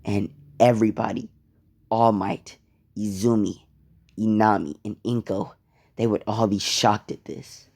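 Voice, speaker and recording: A man's voice: fairly low pitch, flat delivery, a little slow, vocal fry, a little mellow. A man telling a story casually, rambling, cursing and interrupting himself. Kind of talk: casual fan-fiction storytelling.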